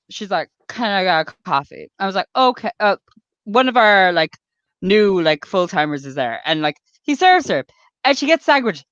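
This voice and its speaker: A woman's voice: medium pitch, fairly bright tone, no room sound. A woman, co-hosting a casual podcast, telling work stories with laughs, swearing and mimicked customers. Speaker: podcast co-host. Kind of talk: casual chat. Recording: dry, slightly dull audio.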